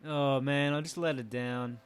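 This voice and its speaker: A gaming channel host with a steady, mid-range voice talks a little slowly as he plays a video game. His let's play commentary is casual and chatty, and he speaks to his viewers, jokes around, and laughs.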